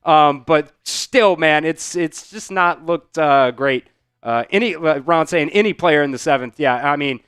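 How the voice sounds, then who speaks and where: Man, live sports show host, rambling casual talk, lots of fillers, smooth resonant voice, dry close sound. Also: on the high side, fairly bright tone, no echo. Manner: reads out and answers viewer chat.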